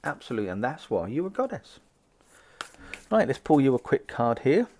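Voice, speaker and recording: A man's voice: medium pitch, big pitch swings, normal speed, a little mellow. A man doing a live tarot card reading, chatting upbeat with viewers and acting out little conversations. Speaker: psychic card reader.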